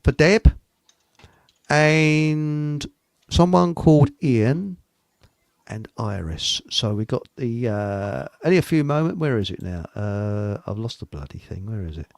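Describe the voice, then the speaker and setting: A man's voice: mid-range voice, expressive, slow, creaky, no room sound. A middle-aged man, hosting a live online show in a rambling, jokey chat and laughing at his own jokes. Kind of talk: casual chat.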